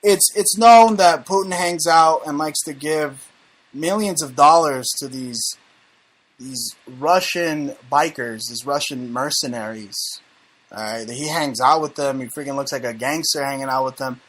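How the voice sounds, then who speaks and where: A man's voice: a little high, a little slow, fairly bright tone. Brash, profane man hosting a talk show. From United States. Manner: brash, profane, mocking banter. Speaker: show host. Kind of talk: casual conspiracy talk show chat.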